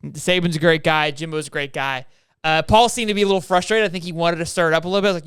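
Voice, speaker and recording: A young man chats about college football at a fast clip, his voice high for a man and crisp. He is animated and jokey, laughing often, recorded dry and close. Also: no room sound. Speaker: podcast co-host. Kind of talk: casual sports chat.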